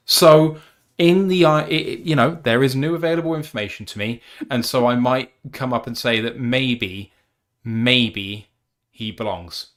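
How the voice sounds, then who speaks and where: A man's voice: mid-range voice, fairly bright tone. A British man hosting a casual live-stream sports chat, emphatic and opinionated. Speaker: podcast host.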